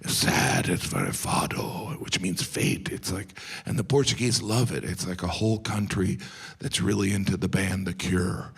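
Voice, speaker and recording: A middle-aged American man doing a stand-up set, deadpan, slipping into silly voices for the people he quotes. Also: low voice, moderate pace, creaky, slightly rough. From United States. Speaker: stand-up comedian. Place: live comedy venue with audience.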